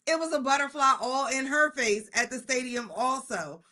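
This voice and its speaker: Woman, middle-aged, excitable, chatty, higher voice. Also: a little fast, few pauses. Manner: animated, excitable storyteller. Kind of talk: casual chat, storytelling.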